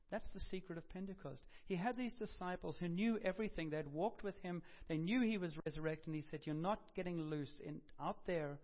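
A male pastor preaches in a fairly high voice, chatting through his stories, stumbling and correcting himself as he goes. The recording is dull and lo-fi. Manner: conversational storytelling with self-corrections and humor. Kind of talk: sermon. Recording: dull lo-fi sound.

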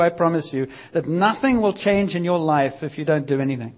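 Lively high-voiced male preacher. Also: a little fast. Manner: energetic, conversational, lively acted quotes. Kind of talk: sermon. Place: church service. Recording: dull lo-fi sound.

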